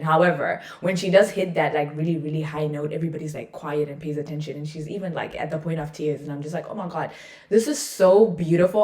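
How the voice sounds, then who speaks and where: Young woman, podcast host, low pitch, playful, self-mocking, casual chat. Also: a little mellow, echoey room.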